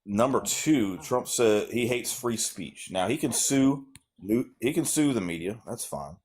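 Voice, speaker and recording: A man's voice: mid-range voice, lively intonation, measured pace, darkish tone. A man with a Southern US accent calling into a live debate, swearing and mocking as he argues. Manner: profane, mocking, drawling. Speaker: caller debating the host. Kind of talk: heated casual debate.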